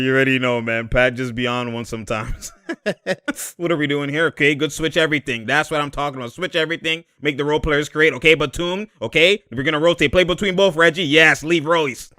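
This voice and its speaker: A man giving a casual breakdown of basketball footage, animated and often laughing, using street slang and coaching the players aloud. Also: on the high side, clean tone, dry recording, clean studio sound. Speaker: basketball commentator.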